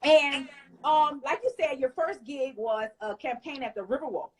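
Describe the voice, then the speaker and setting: A woman's voice: high-pitched, moderate pace, rough recording. A woman hosting a talk show who asks interview questions and praises her guest encouragingly.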